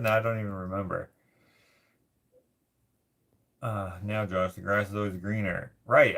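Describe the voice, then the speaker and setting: Canadian guy doing a chill livestream, low kinda gravelly voice, reads chat out loud and rambles. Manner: rambling, thinks out loud while searching things up. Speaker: livestream host. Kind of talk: casual livestream chat, reading viewer comments aloud.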